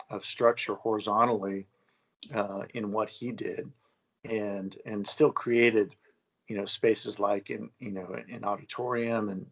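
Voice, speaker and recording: In a casual talk about architecture, a man with a lowish, creaky voice thinks carefully and haltingly, often pausing on fillers while he works through his ideas. The audio quality is poor.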